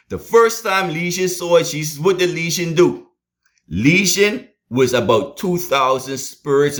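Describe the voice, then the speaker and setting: A man preaching a sermon in a plain street voice, swinging between loud emphatic points and low hushed asides.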